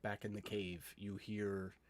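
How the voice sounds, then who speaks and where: A man narrating as game master of a tabletop game, calmly describing the scene. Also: lowish voice, measured pace. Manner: calm, descriptive scene-setting.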